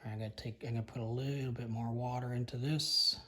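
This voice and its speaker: A man giving a casual painting tutorial, thinking aloud and correcting himself as he works, his voice slightly hoarse. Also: medium pitch, steady tone, fast, very noisy. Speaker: painting instructor.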